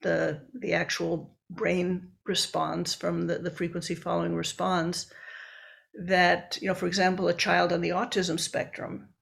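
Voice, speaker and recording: A woman's voice: on the low side, little pitch movement, a little slow, vocal fry. A woman researcher and book author explaining her work step by step in an interview.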